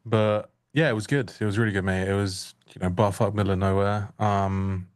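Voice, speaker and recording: A man co-hosting a trading show, chatting in an easygoing, relaxed way. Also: lowish voice, moderate pace, no echo, clean studio sound. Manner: easygoing, says mate. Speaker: trader, show co-host. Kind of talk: casual chat.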